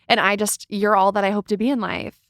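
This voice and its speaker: A woman's voice: mid-range voice, level tone, fairly quick, a bit bright, no room sound, studio quality. A woman in her twenties hosting a podcast, chatting casually, laughing often and acting out what others said. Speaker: podcast host. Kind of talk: casual interview chat.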